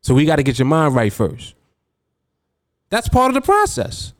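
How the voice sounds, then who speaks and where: A man's voice: on the high side, huge pitch swings, moderate pace, dry recording. A man hosting a podcast as a trading coach, talking casually and emphatically, reading out chat comments and laughing often.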